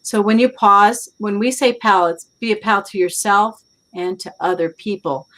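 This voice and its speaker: A woman's voice: medium pitch, fairly even intonation, normal speed, fairly bright tone, poor audio. A woman hosting a live online summit, chatting in an upbeat, encouraging way over a video call and laughing easily. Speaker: host. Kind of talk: casual chat.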